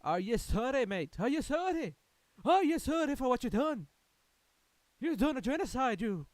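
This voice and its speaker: A taunting mock British bloke scolds with theatrical outrage, as a man puts him on. The voice sits high and pushes loud. It swoops all over the place. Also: big pitch swings, quick pace, no echo. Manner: taunting, exaggerated.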